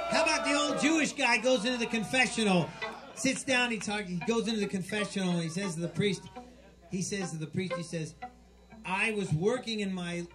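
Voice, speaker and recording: A man telling crude jokes on stage at a bar, rambling, restarting and bickering with the crowd. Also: sits high. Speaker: stand-up comic at a bar show. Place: bar with live band setup.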